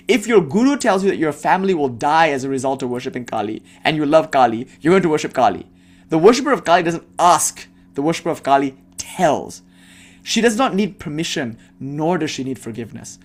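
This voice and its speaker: His voice sits on the high side as he delivers what starts as a devotional talk in the role of a spiritual teacher. It soon becomes an impassioned, blunt tirade full of swearing, ridiculing the imagined people who put questions to him.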